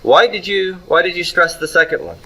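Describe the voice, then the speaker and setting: A man's voice: high voice, lively intonation, fairly quick, sharp tone, slightly rough, rough recording. A man teaching Hebrew grammar in a classroom lecture, asking questions and answering them himself.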